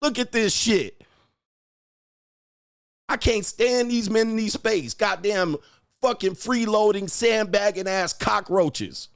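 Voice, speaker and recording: A man hosting a livestream tears into his chat with a profane, insult-heavy rant, hammering the same taunts again and again. His voice sits fairly high for a man and is recorded dry and close. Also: no room sound. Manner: mocking, repeats taunts. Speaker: livestream host and dating coach. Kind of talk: ranting at live chat.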